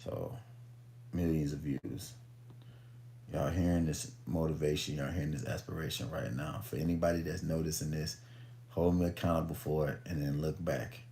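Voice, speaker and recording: A man's voice: extremely low pitch, steady tone, moderate pace, creaky, warm tone. A young man chatting casually on a phone live stream in laid-back, profane slang, then reading a book aloud. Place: at home, in bed.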